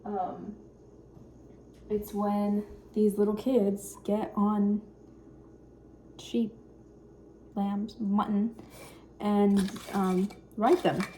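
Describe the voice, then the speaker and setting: A young woman in her twenties talks softly in her home kitchen. Her voice is mellow and warm. She rambles shyly, full of little fillers, with a faint hum in the background. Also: mid-range voice. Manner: quiet, shy, rambling with many fillers. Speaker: vlogger. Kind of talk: casual cooking vlog chat.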